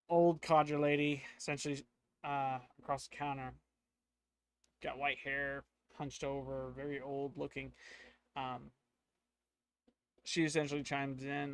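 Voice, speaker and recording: A man's voice: on the high side, flat delivery, slow pace, pauses often, fairly bright tone, clean tone, dry recording. A man narrating a solo tabletop game, thinking aloud with hesitations and filler words.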